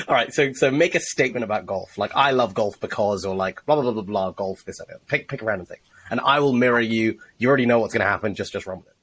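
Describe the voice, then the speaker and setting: Guy with a raspy voice chatting about sales, cusses a lot, keeps saying right?. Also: fairly low pitch, quick pace, few pauses, fairly bright tone, low-quality recording. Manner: profane, emphatic, teaching with examples. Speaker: sales trainer, co-host. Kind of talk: casual podcast chat.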